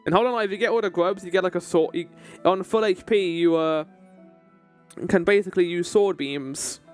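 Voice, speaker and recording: A man's voice: high-pitched, normal speed, faint music behind. A man giving casual let's-play commentary, chatty and rambling, with asides to his chat. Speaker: gaming video host.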